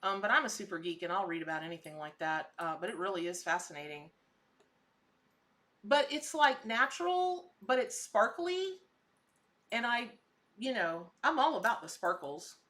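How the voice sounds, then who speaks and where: A woman's voice: mid-range voice, sing-song, moderate pace, fairly bright tone. A middle-aged woman, hosting a live stream and chatting with viewers, gushing and exclaiming. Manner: chatty and gushing, exclaiming at what she sees. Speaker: livestream host, tarot and spirit animal reader.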